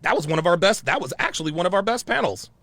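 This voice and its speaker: A man's voice: high voice, very animated, very fast. A man hosting his channel, telling a story in a heated, profane way and repeating himself often. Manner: profane, repetitive, worked-up. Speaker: channel host.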